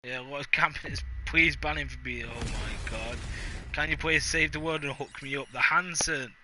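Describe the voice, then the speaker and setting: A man's voice: mid-range voice, normal speed, bright, forceful tone, a little hiss or hum. A man streaming a video game live, hyped and boastful, trash-talking and joking with his chat. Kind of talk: live gaming stream banter.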